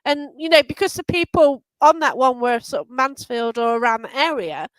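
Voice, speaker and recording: A woman's voice: sits high, animated, normal speed, no room sound, rough recording. A woman hosting a casual live chat, a medium who talks in a rambling way with many fillers over a video call. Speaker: host and medium.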